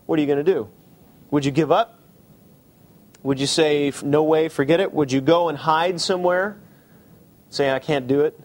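A man preaching a sermon, asking the congregation direct questions and slowing down for emphasis. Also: on the high side, fairly even intonation. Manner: shifts between quick asides and slow emphasis. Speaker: pastor.

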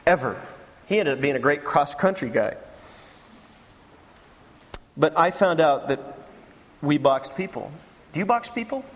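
A man's voice: fairly high pitch, unhurried, long pauses, in a large hall. A man preaching a sermon to his congregation, telling stories and acting out mocking voices. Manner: animated storytelling with mocking impressions. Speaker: pastor.

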